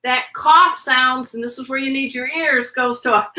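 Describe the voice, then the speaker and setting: A woman guest on a video podcast, teaching pet first aid with an energetic, demonstrative manner. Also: high-pitched, normal speed. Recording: roomy echo.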